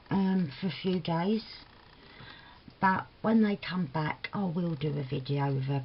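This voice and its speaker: An older woman with a Cockney London accent, chatting casually and rambling through a crafting vlog, laughing often and using homely slang. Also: on the low side. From England. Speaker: crafting vlogger. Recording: slightly dull lo-fi audio with faint noise.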